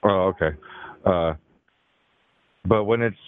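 A man with a fairly low voice calls in to a talk show and vents in a rambling, profane way. The phone line is thin and tinny, and the sound is dry and close. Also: slow, clear, resonant tone, dry recording. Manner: rambling, profane, exasperated venting. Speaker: caller. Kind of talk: call-in chat.

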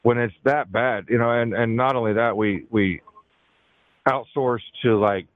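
A man's voice: mid-range voice, fairly even intonation, measured pace, no room sound. A man calling in to a talk show, venting in a rambling, profane, exasperated way. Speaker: caller. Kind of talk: call-in chat. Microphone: phone. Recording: tinny dry phone line.

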